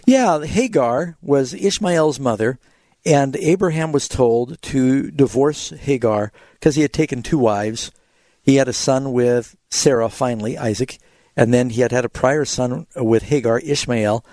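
A man's voice: medium pitch, unhurried, a little mellow, no echo. A man hosting a call-in radio show, answering Bible questions in an explanatory way and acting out the quotes he cites. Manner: explanatory, tells anecdotes, acts out quotes.

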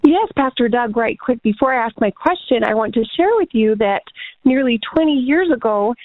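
A woman's voice: a little high, expressive, normal speed, no room sound. Woman, radio caller, tinny phone line, dry, earnest. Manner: earnest, sharing a testimony. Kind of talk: phone call to radio show.

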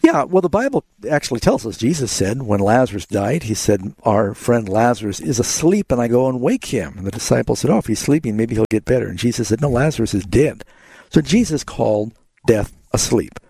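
A man's voice: mid-range voice, sing-song, a little fast, creaky, warm tone, slightly rough, no echo. A man hosting a call-in radio show, earnestly explaining Bible passages to callers. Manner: earnest, explanatory, quotes scripture. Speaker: radio Bible talk host.

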